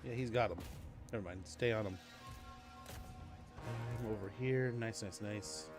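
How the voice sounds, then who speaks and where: A man's voice: on the low side, unhurried, music in the background. A man streaming a strategy game, giving casual commentary and rambling through a story with lots of fillers.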